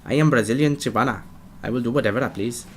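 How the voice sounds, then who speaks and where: Swaggering video-game dragon girl, carefree, broken grammar, quick and breezy, put on by a male caster. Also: medium pitch, slight background noise, close to an everyday voice. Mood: cocky. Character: swaggering Brazilian dragon-girl jungler, woman.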